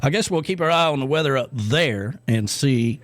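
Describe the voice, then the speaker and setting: A man's voice: mid-range voice, animated, moderate pace, dry recording. A middle-aged man co-hosting a radio show in casual chat, rambling with lots of fillers and restarts.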